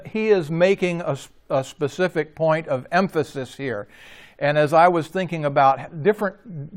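A man leading an informal Bible study, explaining a passage in an unhurried way and often restarting and correcting himself mid-sentence. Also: on the high side. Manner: halting, with frequent restarts and self-corrections.

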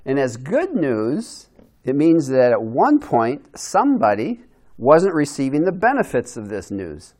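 A man's voice: mid-range voice, huge pitch swings, a little slow, darkish tone. A man giving a conversational Bible lesson to a group, asking them questions and restarting his sentences as he thinks aloud. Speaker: Bible teacher.

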